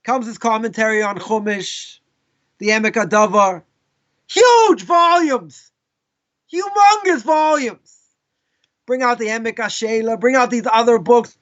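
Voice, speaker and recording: Male rabbi, live lesson; high-pitched, casual storyteller with asides, dull lo-fi recording. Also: a little slow, pauses often. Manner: casual, animated, with frequent asides. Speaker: rabbi teaching a class.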